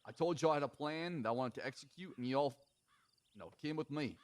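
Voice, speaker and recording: An earnest man speaking in character in a western roleplay. He talks quickly and defends his choices with conviction. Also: on the high side, crowd noise.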